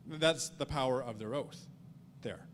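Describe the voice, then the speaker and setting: A man's voice: medium pitch, unhurried, fairly bright tone, slight background noise. A man teaching a Sunday school Bible study in an earnest way, often repeating and restarting words and reading scripture aloud. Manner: reads scripture aloud in old-fashioned wording.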